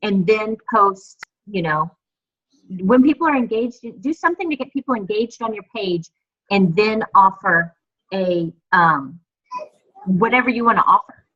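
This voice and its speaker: A woman's voice: mid-range voice, expressive, unhurried, a bit bright. Woman, team leader, chatty, encouraging, filler words, video call, dull lo-fi audio. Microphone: computer mic on a video call.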